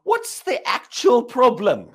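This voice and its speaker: Animated high-voiced male preacher. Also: takes it slowly. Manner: animated, questioning the congregation. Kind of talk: sermon. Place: church service.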